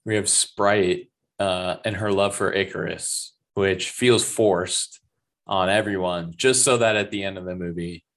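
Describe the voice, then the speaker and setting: Man, lower voice, laid-back joking movie chat. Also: steady tone, measured pace, a bit bright. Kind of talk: casual movie review chat.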